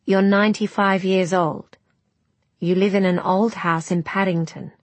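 A woman voicing a gentle, soft-spoken young woman comforting her grandmother, in a storybook reading. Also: mid-range voice, fairly even intonation, a little slow, no echo, close to an everyday voice. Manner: soft, hesitant.

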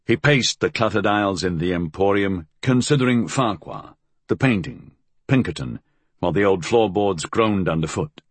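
A male audiobook narrator with a low, husky voice that moves in lively rises and falls through the story. He reads in a measured, expressive way, close and dry with no room sound around him. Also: no echo.

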